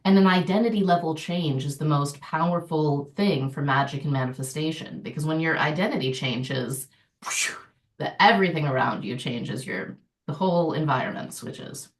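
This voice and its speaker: A woman's voice: low-pitched, moderate pace. Woman guest in a roomy, distant-sounding mix. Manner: animated, laughing often, lively storytelling. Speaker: podcast guest, author. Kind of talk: casual podcast conversation.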